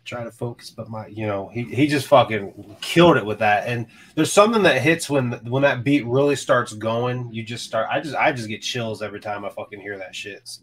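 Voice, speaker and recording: A man's voice: mid-range voice, moderate pace, few pauses, fairly bright tone, slight background noise. A man co-hosting a podcast, chatting casually about albums, enthusiastic and swearing freely, often trailing off. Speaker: podcast co-host. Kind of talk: casual chat reviewing music.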